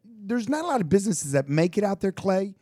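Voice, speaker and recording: Man, co-host, doctor, casual banter, dry teasing quips, slightly high voice, dry close mic. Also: big pitch swings, a little fast, warm tone, dry recording. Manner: dry, teasing one-liners. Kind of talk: casual talk show banter.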